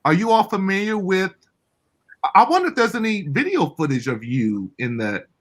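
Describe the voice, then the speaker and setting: A man hosting an interview, excitable and turning often to talk to the viewers. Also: high-pitched, normal speed. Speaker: interview host. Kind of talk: casual interview.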